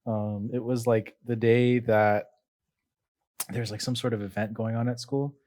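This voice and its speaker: A young man in mid-range pitch hosts a relaxed faith podcast conversation. He speaks earnestly and reflectively, pausing and restarting his sentences as he works through his thoughts. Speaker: podcast host. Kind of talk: casual faith podcast chat.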